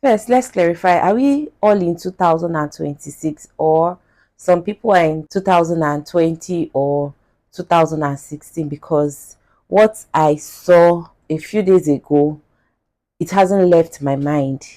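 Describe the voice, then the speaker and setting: A woman's voice: fairly low pitch, mellow. A woman from Nigeria with a Nigerian accent, hosting a podcast and speaking with emphatic indignation while reading a post aloud. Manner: indignant, emphatic, drawn-out repetition. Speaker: podcast host.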